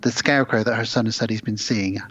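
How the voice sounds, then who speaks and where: A man's voice: on the low side, fairly even intonation, quick pace, fairly bright tone, slightly rough, lo-fi sound. A man co-hosting a podcast, casually retelling a film's plot at length and acting out the characters' lines as he goes. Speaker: podcast co-host. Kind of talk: casual film review chat.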